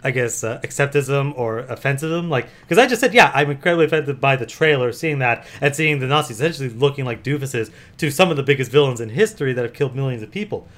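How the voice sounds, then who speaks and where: A man co-hosting a casual podcast, blunt and quick to swear. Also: medium pitch, expressive, fairly bright tone. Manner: blunt, swears freely, fast. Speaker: podcast co-host. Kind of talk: casual chat.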